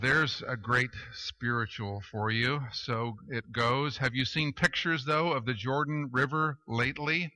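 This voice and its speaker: A man preaches a sermon in a slow, unhurried delivery. His voice is bright and forceful. He tells stories with deadpan humor and asks the listeners rhetorical questions. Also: medium pitch, low-quality recording. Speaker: pastor.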